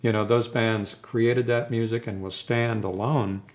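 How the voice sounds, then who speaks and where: A man's voice: mid-range voice, fairly even intonation, a little slow. An older man, a rock drummer, reminiscing in a rambling, casual way during an interview and chuckling between his stories.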